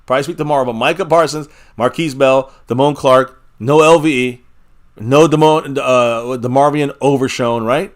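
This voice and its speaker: A man's voice: mid-range voice, steady tone, moderate pace. A man hosting a fan live stream, chatting casually and reading viewer comments aloud with bursts of energy. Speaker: fan livestream host.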